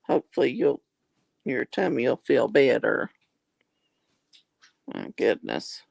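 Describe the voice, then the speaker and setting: This middle-aged Southern US woman chats on her livestream, reading viewer comments aloud and warmly calling people honey and darling. Her voice is very deep and gravelly, animated yet slow, captured on a dry recording.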